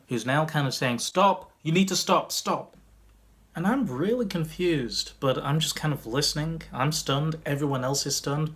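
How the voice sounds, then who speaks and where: A male magician tells a story to the camera in a casual, conversational way. Every so often he rushes ahead in quick bursts. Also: mid-range voice, a bit bright. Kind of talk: storytime vlog narration.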